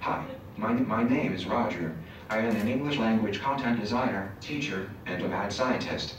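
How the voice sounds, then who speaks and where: A synthetic male voice reads text in an even, mechanical way. It sits a little low and plays from a device far from the mic. Heavy room echo and faint noise surround it. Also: normal speed. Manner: flat, even machine reading. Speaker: text-to-speech voice reading dictated text. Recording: speaker playback in echoey hall, far off.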